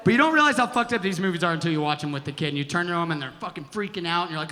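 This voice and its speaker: A male stand-up comic works a theater crowd, brash and profane, shouting his punchlines. His voice sits high for a man. The live recording carries a long hall reverb and clear audience noise behind him. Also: animated, very fast. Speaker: stand-up comedian. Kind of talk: stand-up comedy set. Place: theater stage.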